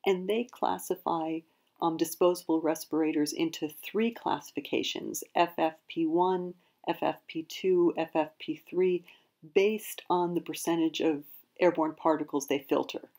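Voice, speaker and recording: A woman with a somewhat low voice lays out a lesson in measured, careful explanation. She often qualifies what she says and stops to correct her own words. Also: fairly even intonation, dark tone. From United States. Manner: careful, self-correcting, hedges with "I believe". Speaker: prepping channel host.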